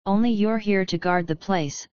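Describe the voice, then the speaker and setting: A woman's voice: medium pitch, normal speed, a little mellow, clean tone, no room sound, dull audio, close to an everyday voice. A woman voicing a polite, awkward young male wizard who asks hesitant questions.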